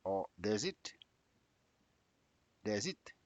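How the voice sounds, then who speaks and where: Slow man drilling grammar tags. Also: fairly low pitch, big pitch swings, dry recording. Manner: drills example sentences with exaggerated rising tags. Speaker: English teacher. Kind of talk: slow spoken grammar lesson.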